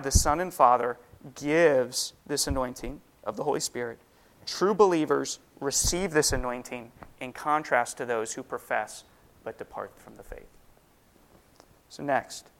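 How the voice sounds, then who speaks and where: Gravelly man teaching the Bible. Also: a little high, a bit bright. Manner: explains step by step, asks and answers his own questions. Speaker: Sunday school teacher.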